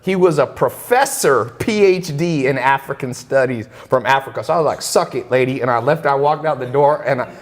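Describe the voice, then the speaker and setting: A man hosting a casual talk, telling a story in an animated way and acting out the voices of the people in it. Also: mid-range voice, brisk, hardly any pauses, long reverb tail. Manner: animated, acts out quoted voices. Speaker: podcast host.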